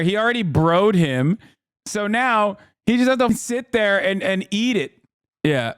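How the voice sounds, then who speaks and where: A man in his thirties riffs excitedly on a video during a livestream, with a fairly high voice and a dry sound close to the mic. He talks in quick, gleeful bursts and keeps exclaiming. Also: smooth, no room sound. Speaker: streamer reacting to a debate video. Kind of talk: casual reaction commentary.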